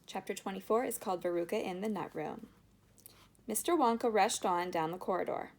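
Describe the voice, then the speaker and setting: A woman narrating a children's storybook aloud in an expressive, lively way. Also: mid-range voice, brisk, creaky. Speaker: audiobook reader.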